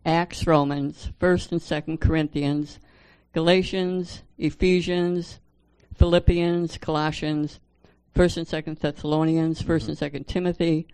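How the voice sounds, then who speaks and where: A woman with a Jamaican accent recites a memorized list very slowly and deliberately. Her voice is smooth, and the recording is dry and close. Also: low-pitched, flat delivery, darkish tone, dry recording, poor audio. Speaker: class member.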